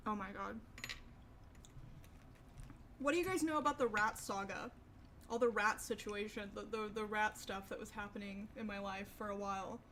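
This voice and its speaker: A woman's voice: mid-range voice, moderate pace, long pauses, noisy background. A young woman chatting casually with her stream viewers, rambling and swearing freely. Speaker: livestreamer.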